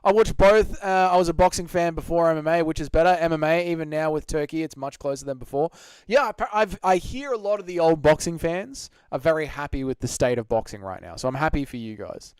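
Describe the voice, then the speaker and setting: A man's voice: fairly high pitch, a little fast, darkish tone, clear, resonant tone, dry recording. A young Australian man hosting a casual live Q&A, reading out chat and joking crudely with lots of swearing. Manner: crude, joking, swears a lot, laughs often. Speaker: livestream host.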